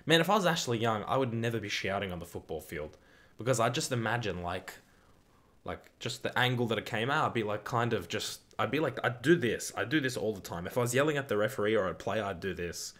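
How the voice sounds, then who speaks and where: Young male streamer, low voice, casual football watch-along banter, excitable and sweary. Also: brisk. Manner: excitable, swearing, reads chat aloud. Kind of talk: casual live-stream chat and commentary.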